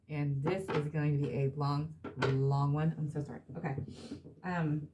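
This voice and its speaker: A woman's voice: low-pitched, noisy background. A woman reading tarot cards for her audience, emphatic and blunt, repeating herself and swearing now and then. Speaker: tarot reader.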